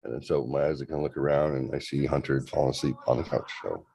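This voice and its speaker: A man's voice: extremely low pitch, fairly even intonation, fast talker, gravelly, warm tone, slightly rough. A man in his forties casually telling a long story on a livestream, loose and profane, with lots of rambling asides. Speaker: show host.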